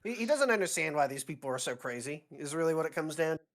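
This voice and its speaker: Hoarse player with wry asides. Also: medium pitch, expressive, fast talker. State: sore throat. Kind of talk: describing a character's actions in a tabletop game.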